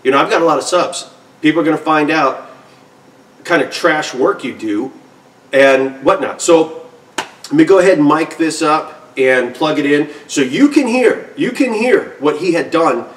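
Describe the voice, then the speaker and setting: A man's voice: a little high, lively intonation, moderate pace, distant mic, slight background noise. A man hosting a guitar channel, complaining in a satirical mock-outraged rant to the camera. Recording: roomy sound from off-mic.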